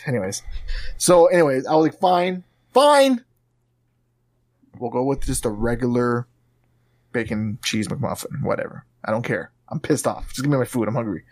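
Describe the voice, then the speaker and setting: A man on a podcast chatting casually, telling a story in an animated way, acting out the lines of both sides and swearing now and then. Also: mid-range voice, normal speed, no echo.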